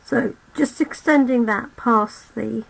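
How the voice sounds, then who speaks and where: A woman's voice: on the high side, slow pace, vocal fry, low-quality recording. A woman hosting a live card-making demo, losing her voice, chatting to viewers as she works. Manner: chatty, talks to viewers while working. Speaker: crafting channel host.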